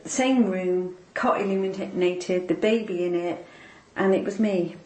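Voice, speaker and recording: A woman's voice: lowish voice, fairly even intonation, darkish tone. Emotional woman telling a personal story, roomy echo. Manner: halting, repeats words, tearful at moments. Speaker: interviewee. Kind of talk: personal faith testimony.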